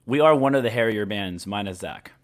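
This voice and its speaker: A man's voice: lowish voice, expressive, fairly quick. Young man with jokey comebacks. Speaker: co-host. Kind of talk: casual live-show banter.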